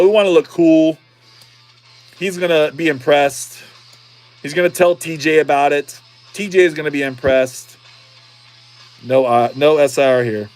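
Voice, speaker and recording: Chatty middle-aged man with a lively voice. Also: fairly high pitch. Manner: chatty, repeats himself, cheers on each card. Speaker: streamer opening card packs. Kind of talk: casual livestream chat.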